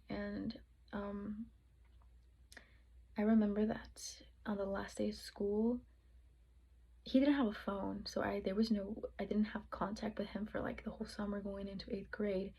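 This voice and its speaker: A woman's voice: mid-range voice, gravelly, mellow, breathy edge, poor audio. A young woman vlogger telling a personal story in a casual, rambling way, with many fillers and acted-out quotes of her own past thoughts. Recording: noticeable background noise.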